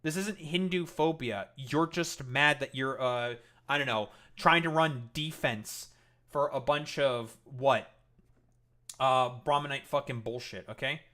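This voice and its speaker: Man, live streamer, commentary rant, profane, sarcastic, heated, bright sharp voice. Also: mid-range voice, a little slow.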